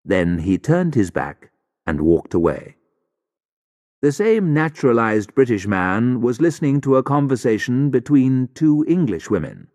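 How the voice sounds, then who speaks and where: A man giving a clear, deliberate scripted audiobook narration for English learners, sometimes slowing on key words. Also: mid-range voice, very animated, a little mellow, big-room sound.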